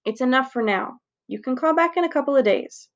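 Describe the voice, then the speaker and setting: A woman's voice: high voice, animated, brisk, lo-fi sound, pitched above the performer's own voice. A woman reading aloud as a firm mother sending her son back to homework. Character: firm mother ending a phone call.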